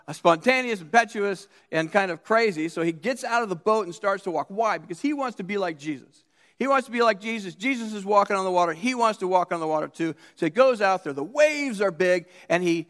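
In a church sanctuary, a pastor preaches a sermon in a bright, high voice that leaves a long reverb tail. He tells stories, acting out quotes emphatically and restarting often.

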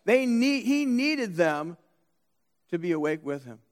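High-voiced man preaching in a hall. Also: very animated, a little slow. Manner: emphatic, storytelling with acted-out quotes and restarts. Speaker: pastor. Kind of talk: sermon. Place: church sanctuary.

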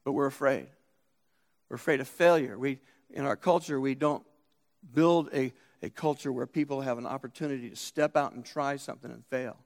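A man's voice: mid-range voice, normal speed, a little mellow, in a large hall. A man preaching a sermon in a church, telling stories with emphatic, acted-out quotes and frequent restarts. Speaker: pastor. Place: church sanctuary.

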